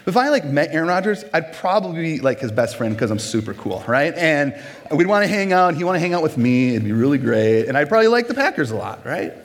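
A man's voice: a little high, sing-song, quick pace. A man in his forties from Minnesota, preaching a humorous sermon, joking and acting out little scenes as he goes.

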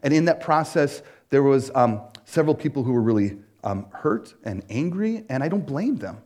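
A man preaching a casual sermon as a pastor, telling a personal story in an animated way, full of "like" and "right?". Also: medium pitch, moderate pace. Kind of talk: conversational sermon.

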